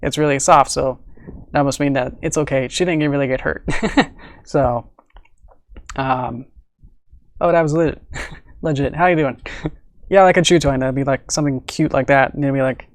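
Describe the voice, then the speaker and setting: A man's voice: medium pitch, moderate pace, long pauses, no room sound, studio quality. A man who animates, chatting casually on a live stream about his work. He rambles, uses many fillers and laughs often. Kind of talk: casual livestream chat.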